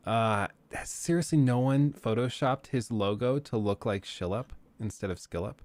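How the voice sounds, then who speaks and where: Young male live-stream host, casual and jokey, laughs often, average pitch, dry close sound. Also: moderate pace, darkish tone, dry recording. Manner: rambling, joking, laughs often. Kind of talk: casual chat with live chat viewers.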